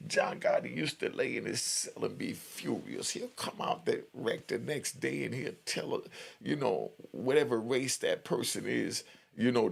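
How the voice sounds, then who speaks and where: A man's voice: mid-range voice, creaky, slightly rough. A middle-aged man telling a story in loose street talk full of "you know" fillers. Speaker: prison storyteller. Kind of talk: casual spoken storytelling.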